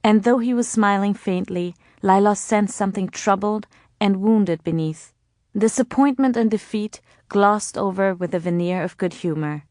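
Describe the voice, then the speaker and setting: A woman reading a novel aloud in measured, scripted narration. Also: mid-range voice, darkish tone, dry recording, clean studio sound. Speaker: audiobook narrator.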